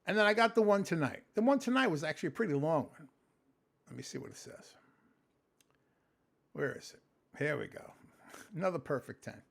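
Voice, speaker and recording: A man talking casually in a late-night vlog, exhausted and sleepy, animated and rambling with plenty of swearing. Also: a little high, fairly quick, gravelly, pauses often. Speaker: vlogger, customer service phone agent.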